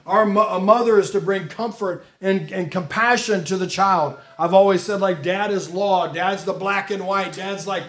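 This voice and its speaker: A man's voice: high-pitched, a bit bright. A middle-aged man preaching a sermon, reading scripture aloud with emphatic rises in his delivery. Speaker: pastor.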